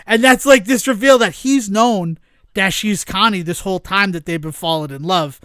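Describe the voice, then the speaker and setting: A man hosting a podcast, casually retelling a film's plot with swearing, laughter and quick acted-out quotes. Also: high-pitched, bright, forceful tone, clean tone, dry recording, studio quality. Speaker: podcast host. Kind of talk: casual movie recap chat.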